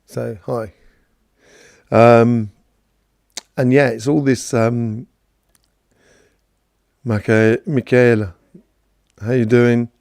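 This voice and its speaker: Man, gravelly voice, mellow tone, chatty and rambling, live stream host. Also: medium pitch, little pitch movement, very slow, long pauses, no room sound, clean studio sound. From London, England. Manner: rambling, chatty, greets viewers by name, many fillers. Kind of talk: casual spiritual talk answering viewers.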